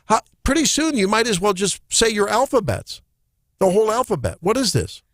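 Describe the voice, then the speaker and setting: Midwestern male morning radio host, slightly high voice, jokey and incredulous, dry close mic. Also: normal speed, dry recording. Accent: Midwestern American. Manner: jokey, incredulous, lively opinionated commentary. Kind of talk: talk radio banter and commentary. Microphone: studio microphone.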